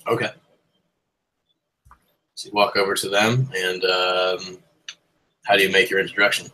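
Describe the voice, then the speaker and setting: A man's voice: low voice, flat delivery, unhurried, pushed and bright, poor audio. A young man narrating a tabletop horror game as game master, casual and rambling, with lots of ums and swearing.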